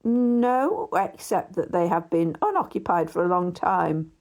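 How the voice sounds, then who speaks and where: A woman's voice: fairly low pitch, expressive, unhurried, darkish tone. A woman voicing a proud, sceptical young male Victorian barrister in an audiobook. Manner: astonished, then reckless.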